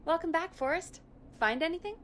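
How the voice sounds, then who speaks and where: A woman voicing Peggy, a brisk, helpful radio-station colleague in a video game. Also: extremely high pitch, a bit bright, a little hiss or hum.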